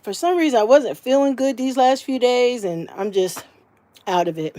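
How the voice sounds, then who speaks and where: A likely grandmother vlogs a walkthrough of her small camper, homey and talkative, with a habit of using the word "little." Her fairly high, mellow voice has lively intonation and a moderate pace.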